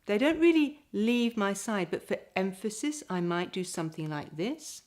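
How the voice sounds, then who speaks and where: A middle-aged woman, a speaker coach, giving presentation tips straight to the camera and demonstrating calm and lively voice patterns. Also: mid-range voice, normal speed. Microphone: camera mic, standing.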